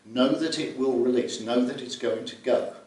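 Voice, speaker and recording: A man's voice: mid-range voice, normal speed, darkish tone. A middle-aged man, a glider pilot, giving a vivid, anecdotal safety briefing and acting out scenes. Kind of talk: spoken safety talk to fellow pilots. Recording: echoey room from far off.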